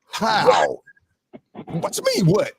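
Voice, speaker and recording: A man's voice: high voice, huge pitch swings, drawn-out words, vocal fry, a little hiss or hum. A man hosting a podcast panel, talking emphatically and firing off rhetorical questions. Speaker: podcast host. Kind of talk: casual panel talk.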